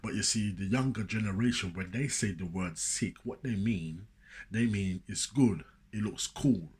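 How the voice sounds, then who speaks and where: A man's voice: on the low side, moderate pace, darkish tone, slightly rough. A man talking casually and preachily to camera, rambling and often repeating himself. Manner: rambling, repeats "you know what I'm saying"; preachy, emphatic. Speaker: motivational speaker. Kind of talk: casual spoken monologue.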